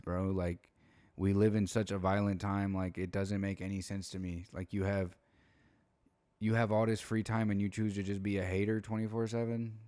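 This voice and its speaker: A man's voice: sits low, a little mellow, dry recording. A young man talking through a late-night commentary video at home, laid-back and slangy, tired and yawning between points. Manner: laid-back, slangy, rambling with frequent fillers. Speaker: commentary YouTuber.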